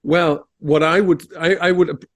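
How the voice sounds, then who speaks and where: A man's voice: on the high side, fairly even intonation, measured pace. A man co-hosting a podcast, explaining ideas in a searching way, full of fillers. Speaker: podcast co-host. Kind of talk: casual philosophical conversation.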